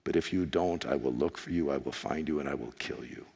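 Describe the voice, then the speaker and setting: A man, hoarse in his voice, reciting the quiet threat of a grim former agent father to his daughter's kidnapper, pitched low and measured. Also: heavily acted. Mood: menacing calm. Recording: long reverb of a large hall.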